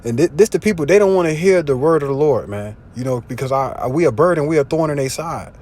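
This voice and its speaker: A man preaching informally, slangy and profane, often asking if you see what he's saying, and reading scripture louder. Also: lively intonation, quick pace. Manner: louder and higher when reading scripture aloud. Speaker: street preacher. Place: in a car. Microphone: phone.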